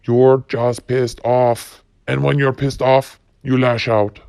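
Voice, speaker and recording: A man's voice: mid-range voice, little pitch movement, takes it slowly, creaky, darkish tone, smooth, no room sound. A man hosting a solo podcast, ranting bluntly and profanely while reading quotes. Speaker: podcast host.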